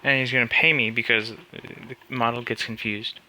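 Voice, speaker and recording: A man's voice: mid-range voice, steady tone, moderate pace, sharp tone. A man streaming live, reading a text adventure aloud and answering it with cocky, joking banter.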